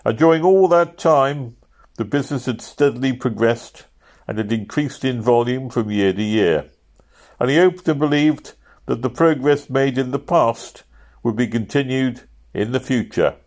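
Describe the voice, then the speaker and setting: A man narrating a novel aloud at a steady pace, lifting his voice for shouted quotes. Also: medium pitch, moderate pace. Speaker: audiobook reader.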